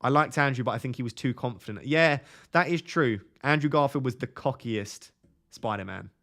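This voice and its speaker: A man's voice: medium pitch, normal speed, sharp tone. Chatty young man reading stream chat. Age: 20s. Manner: chatty, reads viewer comments aloud and answers them. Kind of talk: casual live-stream chat.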